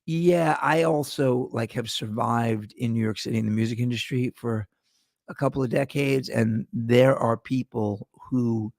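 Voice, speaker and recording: A middle-aged man hosts his own podcast in a loose, rambling monologue, swearing freely and wandering off topic. His voice has a gravelly edge, and the sound is dry and close with no room around it. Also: mid-range voice, unhurried, a little mellow, no room sound. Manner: rambling, profane, digressive. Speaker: podcast host. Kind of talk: casual monologue.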